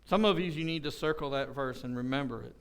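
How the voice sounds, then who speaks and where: A man's voice: medium pitch, quick pace, clear, resonant tone. A man preaching a casual, conversational sermon at a church service, joking and telling folksy stories with acted-out quotes. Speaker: pastor.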